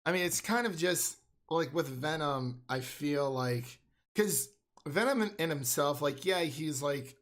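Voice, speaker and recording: A man's voice: a little high, unhurried, fairly bright tone. A man co-hosting a casual film chat, rambling with many fillers and restarts. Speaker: podcast co-host.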